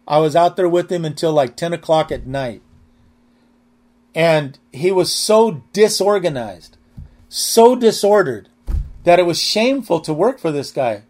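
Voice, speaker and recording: A man's voice: fairly high pitch, animated, a little slow, darkish tone. An older man teaching a Bible study in a rambling, anecdotal, earnest way.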